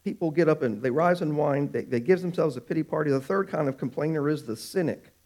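A man preaching a sermon, animated, stretching out words for emphasis. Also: on the high side. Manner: animated, drawn-out emphatic phrases.

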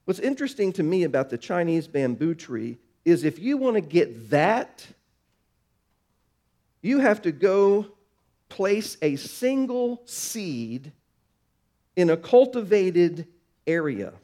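A male pastor delivering a sermon with a slightly high voice. He drops low and quiet, then climbs louder and higher, stretching key words out slowly for emphasis. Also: very animated. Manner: dynamic preaching, slows for emphasis, swings from soft to loud.

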